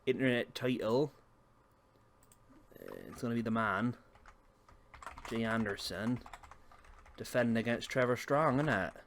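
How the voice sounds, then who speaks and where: A man's voice: mid-range voice, a bit bright, a little hiss or hum. A man in his thirties streaming a wrestling game live, chatting casually to viewers. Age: 30s. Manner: chatty, talks to chat viewers. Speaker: gaming streamer.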